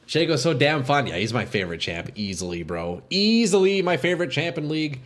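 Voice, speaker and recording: A man streaming a game live, chatting casually with viewers, excitable and swearing, sniffling from a runny nose. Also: a little high, a little fast, hardly any pauses. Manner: excitable, swears, calls chat "bro" and "dude". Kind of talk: casual live gameplay chat.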